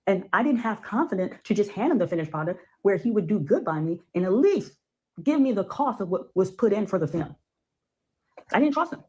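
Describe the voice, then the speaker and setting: Husky woman from ohio, lowish voice, guest filmmaker on a podcast, hammers her points by saying them twice. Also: expressive, quick pace, a little mellow, low-quality recording. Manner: emphatic, repeats words for stress. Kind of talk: casual podcast talk.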